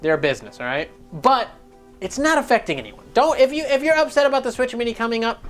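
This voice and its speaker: A man rants through gaming news at a rapid clip, swearing freely and joking as he goes. His delivery is loose and animated, with faint music playing softly behind him. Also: fairly high pitch. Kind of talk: casual news rant.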